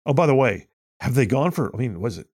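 A man's voice: medium pitch, big pitch swings, quick pace, darkish tone, breathy edge. A male talk radio host, giving sarcastic, mocking commentary and laughing often.

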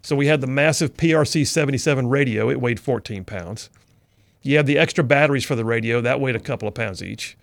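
A middle-aged man hosts a talk radio show, telling an army story as storytelling commentary that starts earnest and folksy and turns preacher-like. His medium-pitched voice is creaky and quick-paced, in a dry recording.

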